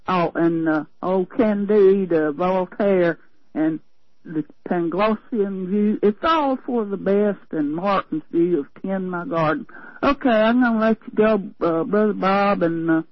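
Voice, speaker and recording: A woman's voice: mid-range voice, unhurried, dry recording. An older woman from Tennessee with a Southern accent, chatting with a folksy, meandering manner as a radio caller. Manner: folksy, meandering, many fillers and restarts. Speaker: radio call-in listener. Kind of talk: rambling phone chat. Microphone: telephone. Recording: dull lo-fi phone line.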